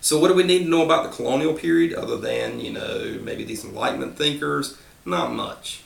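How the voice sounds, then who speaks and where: A man's voice: on the high side, expressive, a little fast, far from the mic. A man teaching a civics review lesson in a conversational way, asking and answering his own questions. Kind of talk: recorded classroom review lecture. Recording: echoey room, voice from off-mic, gravelly.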